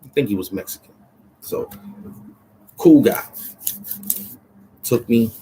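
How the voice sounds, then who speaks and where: A man's voice: mid-range voice, lively intonation, slow, dark tone, slight background noise, rough recording. A man, a rapper, talking in a loose, rambling monologue full of street slang and "you know what I'm saying", in a small cramped room.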